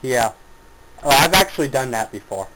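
A young man with a mid-range, very animated voice chats at a moderate pace over voice chat from a small bathroom at home, laughing often and cracking crude jokes. He's a podcast guest, and the loud, noisy voice chat mic sits close.

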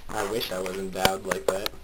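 A young man chatting over voice chat from a small bathroom at home, laughing often and joking crudely. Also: deep voice. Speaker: podcast guest. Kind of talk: casual voice chat. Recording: loud noisy voice chat mic, close.

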